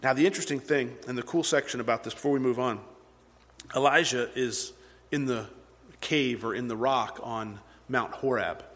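A male pastor delivers a sermon in a conversational, earnest manner, retelling scripture like a story for the people in front of him. His voice sits at an ordinary pitch for a man. A long reverb hangs on his voice in a large church hall. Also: moderate pace, a bit bright.

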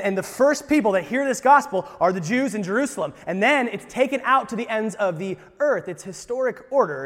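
A man preaching a sermon as pastor, animated, jumping from loud emphasis to quiet asides with jokes along the way. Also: high voice. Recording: long reverb of a large hall.

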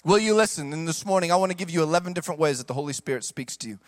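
High-voiced man preaching with fire. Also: racing, no room sound. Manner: animated preaching, swings between hushed asides and shouted emphasis; casual slang asides to congregation. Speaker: pastor. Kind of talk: sermon.

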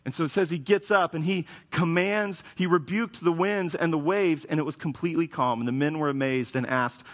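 A man's voice: a little high, a little fast. A man preaching a conversational sermon as a pastor, casual and wry, with frequent restarts, in a church sanctuary. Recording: long hall reverb.

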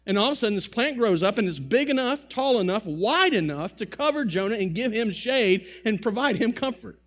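High-voiced man preaching a casual sermon. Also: brisk, lo-fi sound. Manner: conversational preaching with wry asides, animated paraphrase. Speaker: pastor.

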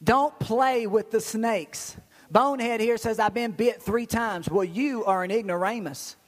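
A male pastor preaching a sermon in a folksy, animated way, cracking blunt jokes. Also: high-pitched, a little slow, in a large hall.

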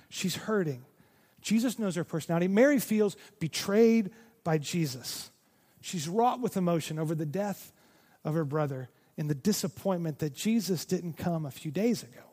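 A male pastor preaching a sermon with great passion, moving between loud emphasis and hushed, near-whispered lines. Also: on the high side, husky. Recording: long reverb of a large hall.

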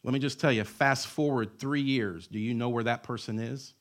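A man's voice: mid-range voice, normal speed. Emphatic, joking male pastor preaching. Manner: emphatic, repetitive, joking asides. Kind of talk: sermon.

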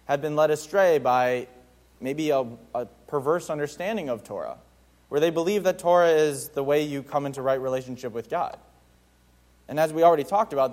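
A man's voice: a little high, a little mellow. A man giving a conversational Bible teaching to his community, informal and emphatic, with frequent fillers and restarts. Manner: emphatic on key points.

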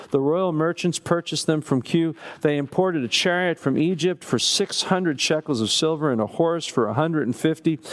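Male Bible teacher in a reverberant hall. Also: mid-range voice. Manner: reads scripture at length, then comments with emphatic asides. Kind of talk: teaching a Bible study, reading scripture aloud. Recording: long reverb of a large hall.

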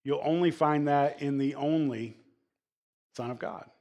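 Chatty, slightly high-voiced male pastor. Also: a little slow, darkish tone, lo-fi sound. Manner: conversational, many fillers and restarts. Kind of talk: casual sermon.

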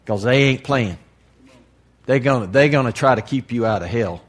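A man preaching to a congregation in a candid, folksy way, dropping to a hush and then rising to loud emphasis. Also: medium pitch, normal speed. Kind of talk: sermon.

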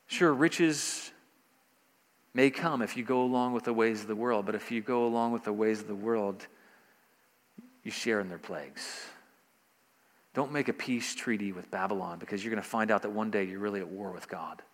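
A man's voice: fairly low pitch, moderate pace, big-room sound. A man preaching a sermon, pressing each point with rising emphasis and repeated phrases. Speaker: pastor.

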